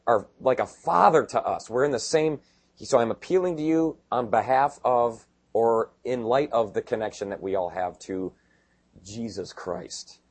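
A male pastor preaching a sermon in a conversational way, dropping quiet and then rising to emphatic bursts. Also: mid-range voice, unhurried, slightly rough.

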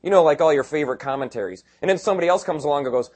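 A middle-aged man preaching a sermon in a conversational, joking way, slipping into quick voices of the people he describes. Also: on the high side, lively intonation, darkish tone. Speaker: pastor.

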